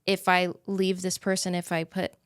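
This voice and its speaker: A woman hosting a podcast, asking gentle and empathetic questions. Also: fairly low pitch, level tone, moderate pace, clear, resonant tone, no room sound, clean studio sound. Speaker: podcast host. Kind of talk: interviewing.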